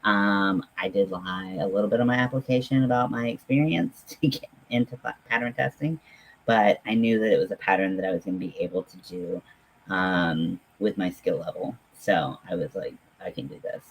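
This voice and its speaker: A man hosting a casual livestream, chatting in a halting, friendly way with many pauses and fillers while talking to viewers at home. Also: on the low side, vocal fry, a little hiss or hum, rough recording. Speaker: livestream host.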